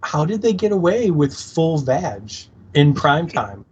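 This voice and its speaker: Chill podcast guy, kinda husky, talks slow n jokes around, trails off a lot. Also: a little high, very animated, a little mellow, lo-fi sound. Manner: laid-back, joking, trails off mid-sentence. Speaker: podcast co-host. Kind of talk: casual chat recapping a TV episode.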